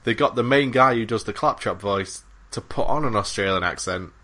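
Against a noisy background, a man co-hosting a gaming podcast chats casually about games in a lowish voice at a fairly quick clip. He rambles, using lots of fillers and restarting his sentences.

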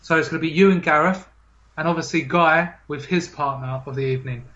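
A man's voice: a little high, a little fast, a bit bright, lo-fi sound. A man hosting a comedy gaming podcast in a teasing, mock-formal way, often laughing. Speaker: podcast host.

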